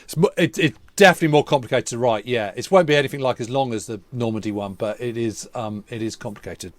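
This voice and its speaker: Brief: male co-host, mid-pitched, halting and repetitive but keen, close dry mic. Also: dry recording. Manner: hesitant, repeats words, enthusiastic. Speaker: podcast co-host. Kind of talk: casual history podcast chat.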